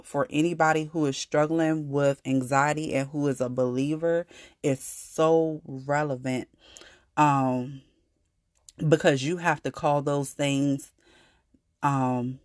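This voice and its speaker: A woman's voice: sits low, a little mellow, no echo, clean studio sound. A woman hosting a casual faith-based podcast, talking earnestly and conversationally, growing emphatic when she declares her faith. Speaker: podcast host.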